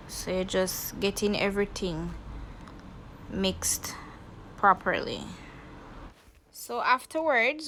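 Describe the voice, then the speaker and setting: Jamaican woman, cooking channel host, casual step-by-step talk, mid-pitched, home kitchen. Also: bright, forceful tone, a little hiss or hum, poor audio. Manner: chatty step-by-step explaining to viewers.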